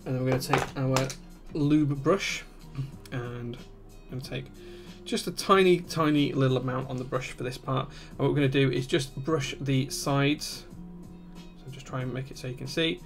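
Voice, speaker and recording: A man hosts a live build stream, explaining each step methodically and breaking off to answer chat. His voice has a gravelly texture. Soft music plays faintly behind him. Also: medium pitch, steady tone, normal speed.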